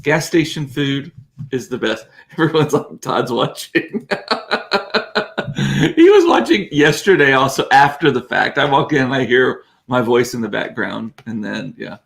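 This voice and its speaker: A man's voice: mid-range voice, very animated, measured pace, creaky. Middle-aged man, host, rambling self-amused chat. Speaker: show host. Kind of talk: casual chat. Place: warm room with door closed.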